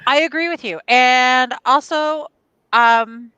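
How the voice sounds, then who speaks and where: A woman's voice: high voice, slow, pushed and bright, clear, resonant tone, dry recording, lo-fi sound. A woman co-hosting a live stream, casually chatting and reading out viewer comments in an upbeat, agreeable way. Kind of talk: casual chat.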